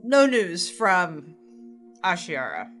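A woman at a tabletop game, chatting in a playful, giggly way. Her voice is bright and clear, and her pitch swings widely as she talks. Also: big pitch swings, slow, soft background music. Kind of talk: casual chat in a tabletop game.

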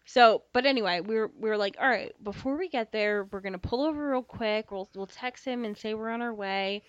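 A young woman co-hosting a podcast, telling a story in casual chat, animated, swearing freely and acting out dialogue. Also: a little high, a little fast, no echo. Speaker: podcast co-host. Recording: slightly dull dry podcast mic.

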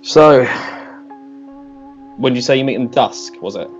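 Man voicing an unhelpful innkeeper, mid-pitched, brisk queries, tabletop podcast. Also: lightly acted. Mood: questioning. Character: male tavern keeper, fussy, unhelpful. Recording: dull lo-fi with music behind.

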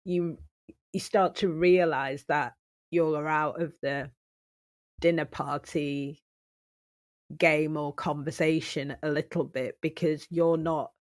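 A woman DJ chatting as a podcast guest, telling stories with lively asides. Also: deep voice, slow, no echo, studio quality. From United Kingdom. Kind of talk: casual chat.

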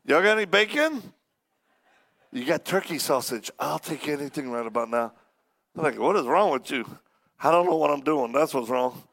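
Gravelly-voiced man preaching with humor. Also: medium pitch, a little fast. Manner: animated, acts out the people in his stories. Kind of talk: humorous storytelling sermon. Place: church service before a congregation.

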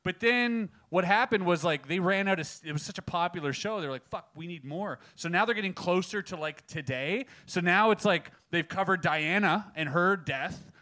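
A man with a high, bright voice co-hosts a loose comedy podcast. He rambles casually, swearing freely and leaning on "like" and "yeah". The talk is relaxed and off the cuff. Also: moderate pace, hardly any pauses. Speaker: podcast co-host.

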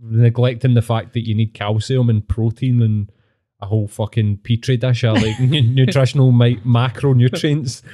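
A Glaswegian man talking in a loose, sweary podcast chat. His voice is mellow and warm, and he laughs a lot and slips into impressions of people he has met. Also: medium pitch, steady tone, moderate pace. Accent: Glaswegian Scottish. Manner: swearing storyteller, laughs often, mimics people. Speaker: podcast host. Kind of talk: casual chat.

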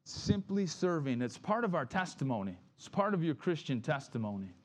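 Conversational pastor preaching, higher-pitched man. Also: very animated, normal speed. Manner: conversational preaching with frequent "right?" asides; acts out grumbling voices in quoted complaints. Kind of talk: sermon.

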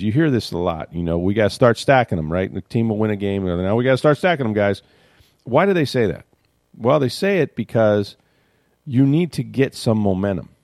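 A man hosting a casual sports talk show, talking in an animated way, repeating words and acting out what others said. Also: lowish voice, dry recording, clean studio sound.

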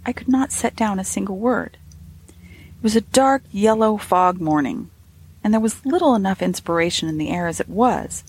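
A woman narrating a classic ghost story in a lively, expressive reading with soft asides. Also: mid-range voice, husky.

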